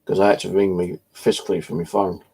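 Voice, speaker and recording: A man's voice: deep voice, flat delivery, quick pace, vocal fry, dark tone, breathy edge, poor audio. A British man telling a story in a casual, blunt way, swearing freely as he talks. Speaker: channel host.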